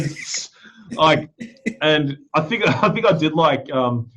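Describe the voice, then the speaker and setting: A man with a medium-pitched voice chats casually with a fellow drummer. He laughs often, agrees readily and tells his own stories in a loose, relaxed way. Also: a little slow. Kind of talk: casual chat.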